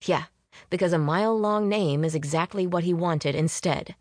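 A laid-back young man with a dry, teasing humor , voiced by a woman reading a story. He speaks in a lower, unhurried register. The recording is close and without any reverb. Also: a little mellow, natural voice. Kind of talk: audiobook character voice.

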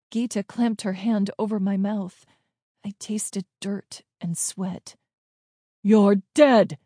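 A woman narrating a first-person story in a tense, hushed way, close to the mic. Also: medium pitch, breathy edge, dry recording. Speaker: audiobook narrator.

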